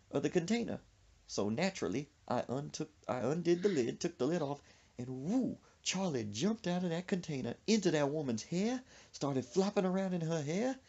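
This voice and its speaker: Animated male comic storyteller. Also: on the high side, muffled recording. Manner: lively, sound effects, exaggerated. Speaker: comedic storyteller.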